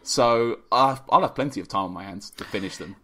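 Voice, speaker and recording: A man's voice: mid-range voice, brisk, a bit bright. A man chatting casually as a podcast guest, rambling and self-deprecating with a joking tone. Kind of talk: casual chat.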